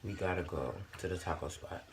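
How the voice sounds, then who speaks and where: A woman chatting casually on a mukbang in a bedroom, animated and slangy, humming over her food. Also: extremely low pitch, brisk, background noise. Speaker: mukbang co-host. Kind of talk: casual chat while eating.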